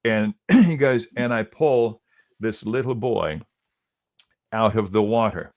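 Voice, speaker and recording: Low-voiced man telling a story. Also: slow pace, darkish tone. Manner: retells quotes with many "he goes", restarts. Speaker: radio host. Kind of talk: casual storytelling.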